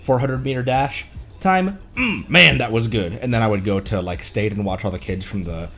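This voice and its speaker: Fairly low-pitched and brisk, this Colorado man chats casually over a live-streamed game from home, congested with a cold. Soft music plays in the background as he rambles, laughs a lot, and makes fun of himself.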